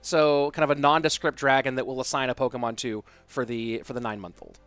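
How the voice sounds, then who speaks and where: A man's voice: medium pitch, fairly even intonation, fast, a bit bright, smooth, dry recording, faint music behind. A man in his thirties casting esports, chatting casually and thinking aloud as he answers viewer questions. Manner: loose and conversational, thinking aloud. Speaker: esports caster. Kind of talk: casual stream chat reading viewer questions.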